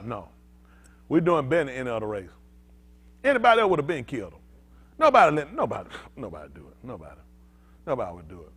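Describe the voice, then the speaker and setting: Pastor guy preaching loose and animated, high voice all over the place, aave. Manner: animated, conversational, swings from loud to quiet. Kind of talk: informal preaching to a congregation.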